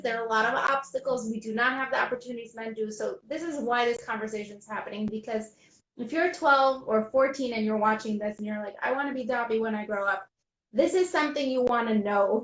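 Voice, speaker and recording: Earnest woman host in an echoey room. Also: a little high. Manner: earnest, explanatory, with restarts. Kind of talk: casual video chat interview.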